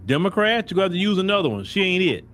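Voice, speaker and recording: A man's voice: high voice, very animated, very fast, fairly bright tone, a little hiss or hum. A man hosting a web commentary show, blunt and mocking, speaking straight to the person he criticizes. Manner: blunt, mocking, addresses the subject directly. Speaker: host.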